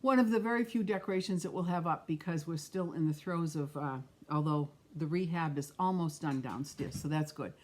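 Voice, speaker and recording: A woman's voice: low-pitched, fairly quick, hardly any pauses. A middle-aged woman, chatting with viewers by name while demonstrating a card-making craft on a live stream. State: has the hiccups.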